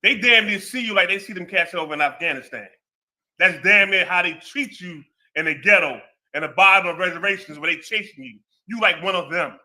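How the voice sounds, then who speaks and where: A man's voice: sits high, brisk. A former law enforcement man in casual chat, telling stories with street slang. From American Southwest. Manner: street slang, animated storytelling.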